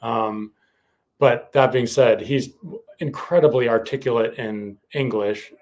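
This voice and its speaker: Casting: male co-host, mid-pitched voice, hesitant and chatty, casual podcast talk. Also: fairly even intonation, unhurried, a little mellow. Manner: hesitant, many fillers and restarts. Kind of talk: casual chat.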